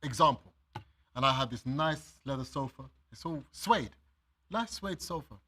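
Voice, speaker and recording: A man's voice: mid-range voice, lively intonation, normal speed, bright, forceful tone, a little hiss or hum. A man preaching a sermon. He reads scripture aloud, explains it, and speaks straight to his listeners with everyday examples. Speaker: minister.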